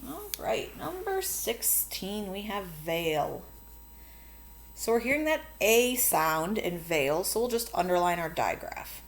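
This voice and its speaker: A woman's voice: mid-range voice, big pitch swings, slow pace, a little hiss or hum. A woman teaching a phonics lesson to children, explaining board work patiently and chattily, correcting herself as she goes.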